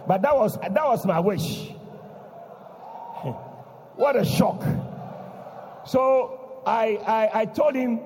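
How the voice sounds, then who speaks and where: A man preaching, telling a story dramatically and breaking into shouts. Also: sits high, animated, slow, long pauses, long reverb tail. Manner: dramatic, bursts into shouting, repeats a refrain. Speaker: pastor. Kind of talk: sermon storytelling. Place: church.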